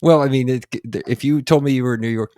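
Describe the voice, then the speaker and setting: A man's voice: medium pitch, brisk, no echo, studio quality. A man hosting a podcast, chatting casually and laughing easily as he asks his guest questions. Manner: relaxed, laughs easily while asking questions. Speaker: podcast host. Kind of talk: casual interview chat.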